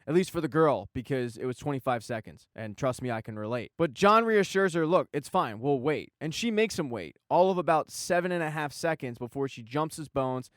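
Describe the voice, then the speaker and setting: A man's voice: on the high side, expressive, fairly quick, hardly any pauses, dry recording, studio quality. A man narrating a television recap in a casual, jokey, irreverent way. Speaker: TV recap host.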